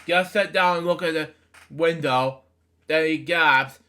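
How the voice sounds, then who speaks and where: A man's voice: fairly high pitch, measured pace, sharp tone. A man reading a children's book aloud, stumbling over words and adding offhand comments between pages. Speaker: storybook reader.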